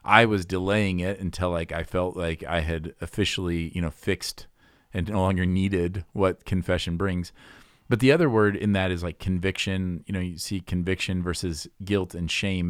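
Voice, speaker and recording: A man talking through faith and confession in an unhurried conversation, reflective and full of small restarts. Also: deep voice, no echo, studio quality. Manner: thoughtful, reflective, many restarts.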